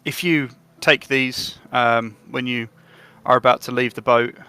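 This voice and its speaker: A man's voice: mid-range voice, fairly even intonation, measured pace, bright, forceful tone, smooth, no room sound, faint music behind. A man voicing a polite, helpful male official who rambles with many hesitations in a tabletop game. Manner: hesitant, full of fillers.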